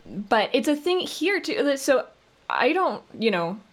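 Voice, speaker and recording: A woman's voice: high voice, very animated, slow pace. A woman from Canada with a Canadian accent, a voice actress chatting casually as a guest and laughing often. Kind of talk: casual chat.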